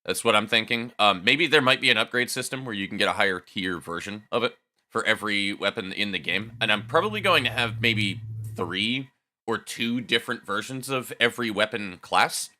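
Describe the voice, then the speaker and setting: Male game-dev streamer, low voice with a piercing bright edge, loose and profane. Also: animated, a little fast. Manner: loose, swears freely, talks to chat. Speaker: game developer live streamer. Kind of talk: casual live stream chat.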